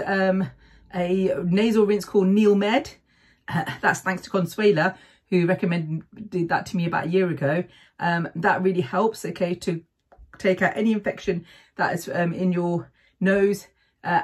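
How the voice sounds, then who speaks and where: A middle-aged woman vlogger talks casually to camera, sharing breathing tips in a chatty way and constantly checking in with "okay?". Her voice is mid-range and husky.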